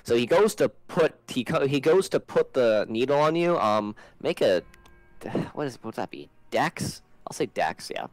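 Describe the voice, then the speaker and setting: A man's voice: mid-range voice, sing-song, measured pace, faint music behind, poor audio. A man narrating as game master in a tabletop game, rambling and hesitant with many fillers.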